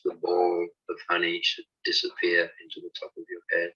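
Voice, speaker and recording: Man, very low and very bright-edged husky voice, calm healing guide, dull lo-fi call audio. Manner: slow, instructive, reassuring guidance. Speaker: spiritual healing teacher. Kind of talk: guided healing session and talk.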